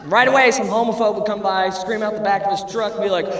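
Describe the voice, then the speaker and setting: A man in his thirties doing a stand-up comedy routine, loud and profane, swinging between shouting and muttering. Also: sits high, fairly even intonation, fast talker. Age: 30s. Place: comedy club stage with audience. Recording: echoey club, crowd laughter, distant mic.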